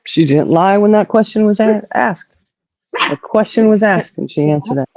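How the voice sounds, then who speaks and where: A woman hosting a casual live-stream chat, sounding indignant and animated and cursing without a second thought. Her voice is dark and mellow. The recording is dry and a little dull. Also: medium pitch, normal speed, dry recording. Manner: indignant, animated, swears freely. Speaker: host.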